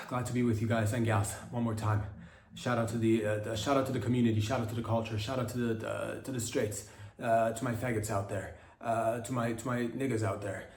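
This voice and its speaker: A man hosting a comedy podcast, delivering a meandering satirical monologue full of halting restarts and mock-serious asides. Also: medium pitch, fairly even intonation, a little hiss or hum. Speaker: podcast host. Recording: roomy echo, mic at a distance.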